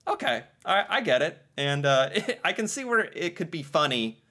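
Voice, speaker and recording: A man's voice: fairly high pitch, sing-song, moderate pace, pushed and bright. A man chatting casually about slang, laughing often and thinking aloud as he goes. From United States. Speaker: co-host.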